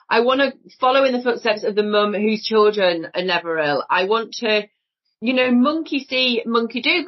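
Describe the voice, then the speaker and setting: A woman's voice: on the high side, husky. A woman with a Northern English accent, talking in a blunt, emphatic way as a guest in a casual podcast conversation, and she swears freely. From Northern England. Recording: dull lo-fi audio.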